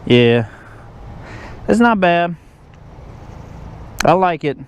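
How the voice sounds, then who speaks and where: A man's voice: sits high, sing-song, extremely slow. A man vlogging outdoors on a motorcycle ride, talking in a rambling, jokey, chatty way. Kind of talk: casual vlog chat. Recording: loud wind and engine noise outdoors.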